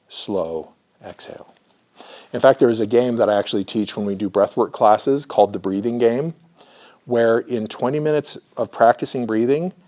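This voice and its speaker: A man who works as a therapist, giving an educational lecture and demonstrating slow breathing, often checking in with "right?". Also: mid-range voice, mellow. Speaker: therapist teaching a class.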